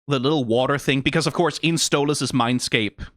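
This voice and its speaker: A channel host giving excitable, profane, rambling reaction commentary on an animated episode. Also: medium pitch, normal speed, no echo, clean studio sound. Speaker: video reactor.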